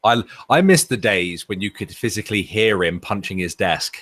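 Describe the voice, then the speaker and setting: A man's voice: on the low side, expressive, normal speed, a bit bright, no echo, clean studio sound. A man chatting casually, telling swear-laden stories with frequent laughter. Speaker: podcast panelist. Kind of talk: casual chat.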